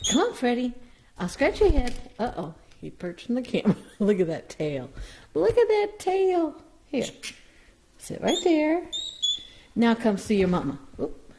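A woman's voice: on the high side, darkish tone. Sing-song woman coaxing her parrot. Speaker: parrot breeder. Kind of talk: casual vlog talking to a pet bird.

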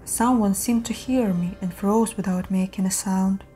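A woman narrating horror stories in a steady, measured reading voice. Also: medium pitch. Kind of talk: scripted horror story narration.

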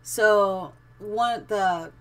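A woman's voice: mid-range voice, drawn-out words, fairly bright tone. A middle-aged woman casually commenting on her live-streamed building game, chatty and giggly, thinking aloud as she goes.

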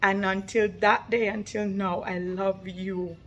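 A woman's voice: medium pitch, little pitch movement, unhurried, highs cut off, a little hiss or hum. A young woman vlogging about her daughter, gushing and heartfelt, repeating herself and laughing through tears. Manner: gushing and heartfelt, many repetitions. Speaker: vlogger, mother. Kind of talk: emotional casual vlog talk.

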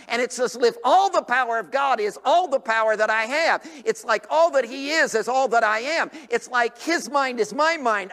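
An older man preaches a revival sermon, his voice sitting unusually high. He swings from ringing shouts down to near whispers, and the church sanctuary gives his words a long, lingering reverb.

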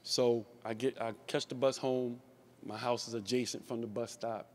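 A man's voice: medium pitch, little pitch movement, moderate pace. A man in his forties, a former player, tells anecdotes in a memorial speech, often restarting and repeating words. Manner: storytelling, repeats and restarts words, laughs along.

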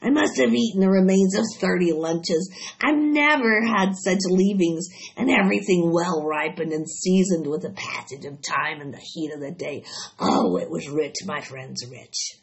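A woman voicing a greedy, bloated male rat with a husky, hoarse voice and a slow, gloating drawl. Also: on the low side. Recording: dull lo-fi recording.

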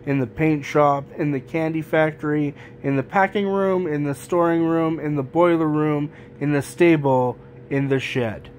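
A man's voice: fairly high pitch, fairly even intonation, normal speed, a little hiss or hum, close to an everyday voice. A man reading the lines of an old, fretful Santa Claus who grumbles over lost things. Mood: relieved. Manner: grumbling, gloomy.

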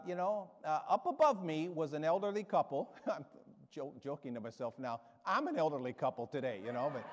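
Older guy preaching loud and fired up, a bit high-pitched, long church-hall echo. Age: 70s. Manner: rousing, emphatic, storytelling with asides. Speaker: guest preacher. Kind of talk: sermon. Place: church sanctuary.

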